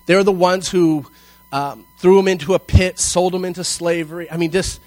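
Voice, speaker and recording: A man's voice: high-pitched, steady tone, a little mellow, no room sound, rough recording. A man preaching a sermon, reading scripture and explaining it in a conversational, emphatic way, often checking in with "okay?". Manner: slows and stresses key phrases, rising in intensity.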